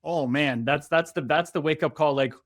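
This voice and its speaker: A man in his thirties hosts a loose, casual conversation, telling animated stories and swearing freely. His voice sits a little higher than most men's. The sound is close and dry. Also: moderate pace, no echo. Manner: animated, swearing storyteller who acts out quotes. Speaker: podcast host, former pro hockey player.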